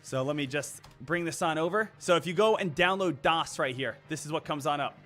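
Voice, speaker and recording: Speaking briskly in a high, bright-toned voice, a man gives an emphatic trading talk on a live stream. Faint music runs beneath as he lectures viewers, repeating himself to hammer points home.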